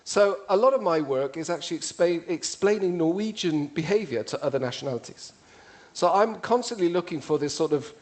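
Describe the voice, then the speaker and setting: A man's voice: on the high side, animated, a little fast, hardly any pauses. A man with an English accent giving a witty, conversational public talk to an audience. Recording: played from a video.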